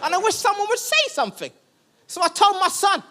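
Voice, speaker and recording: Very high, animated male stand-up. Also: brisk. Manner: animated, shouty storytelling. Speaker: stand-up comedian. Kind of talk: stand-up comedy set. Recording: live club with loud crowd noise.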